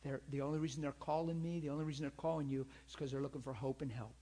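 A man teaching in a church in an animated, earnest way, often asking his listeners to agree with him. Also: very fast. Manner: animated, acts out people in high pleading voices; earnest, repeats himself, asks listeners for agreement. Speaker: pastor and teacher.

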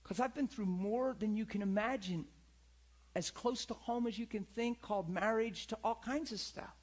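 A middle-aged male pastor preaching a sermon, swinging from loud calls to hushed, near-whispered lines. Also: high voice, moderate pace.

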